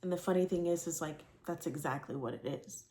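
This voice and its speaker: A woman's voice: deep voice, brisk, mellow. A woman in her twenties frankly telling a rambling personal story to camera, with many fillers and casual swearing. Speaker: vlogger.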